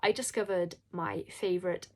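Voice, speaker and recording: A woman's voice: lowish voice, fairly even intonation, moderate pace, darkish tone. Emotional, rambling woman book vlogger. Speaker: indie horror author and book vlogger. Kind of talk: casual vlog talk.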